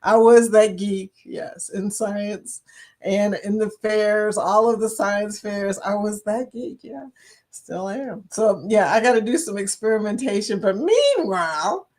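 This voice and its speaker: A woman's voice: medium pitch, measured pace, darkish tone. A woman with a Southern US accent hosting a casual livestream, chatty, laughing often and greeting viewers by name. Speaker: livestream host.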